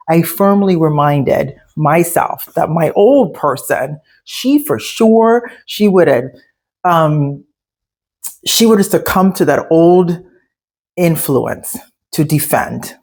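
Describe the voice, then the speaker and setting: A woman's voice: on the low side, a little mellow. A woman speaking in a candid, emphatic and conversational way, telling a personal story as she shares a life lesson.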